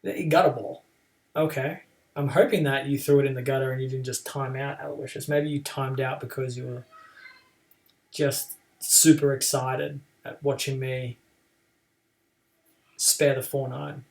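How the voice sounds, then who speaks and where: A man's voice: medium pitch, level tone, unhurried, gravelly, long pauses, far from the mic. A man streaming a game live and chatting casually about his play, with playful trash talk toward his opponent.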